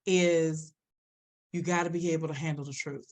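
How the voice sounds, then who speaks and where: A woman therapist co-hosts a live show. Her voice sits on the low side, and she talks bluntly and emphatically, rising and getting louder to make a point. She also answers viewer comments. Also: normal speed. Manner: emphatic, direct, swings loud and animated. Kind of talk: live-stream chat with viewers.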